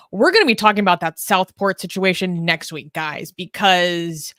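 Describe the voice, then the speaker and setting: A young woman co-hosting a casual livestream chat, animated and self-mocking, laughing often. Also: on the low side, normal speed, few pauses, no echo, clean studio sound. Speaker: co-host.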